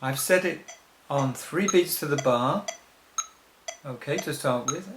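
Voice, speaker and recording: A man teaching songwriting rhythm, explaining slowly and patiently, step by step. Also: on the high side, noisy background. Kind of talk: recorded teaching demonstration. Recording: echoey room.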